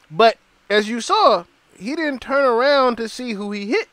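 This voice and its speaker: Animated, high-voiced male podcast host. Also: normal speed, no room sound. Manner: animated, profane, storytelling, acts out quotes. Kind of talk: casual podcast commentary.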